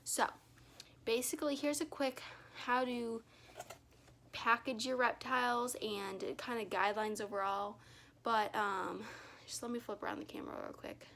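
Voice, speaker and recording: A woman's voice: fairly high pitch, steady tone, normal speed, fairly bright tone, slight background noise. Chatty woman vlogging from home. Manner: chatty, rambling, lots of "um" and self-corrections. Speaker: reptile keeper vlogger. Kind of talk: casual how-to vlog. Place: her home, indoors.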